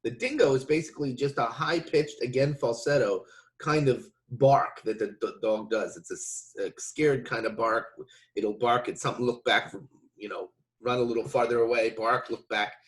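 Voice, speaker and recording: A man's voice: mid-range voice, normal speed. A man giving a casual video lesson, explaining with loose restarts between demonstrations. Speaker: didgeridoo teacher.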